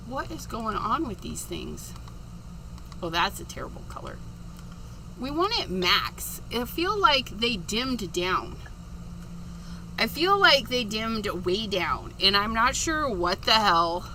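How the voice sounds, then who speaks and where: A woman's voice: fairly high pitch, very animated, takes it slowly, bright, forceful tone, slight background noise. A tired woman hosting a casual craft livestream, giggling and chatting as she reads out viewer comments. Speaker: livestream host.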